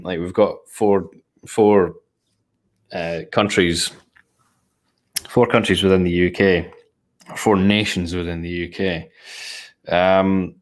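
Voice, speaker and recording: Low voiced guy rambling on casually, lots of ums and swears. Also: fairly bright tone. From Scotland. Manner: rambling, loose with filler words and swearing. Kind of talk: casual conversation.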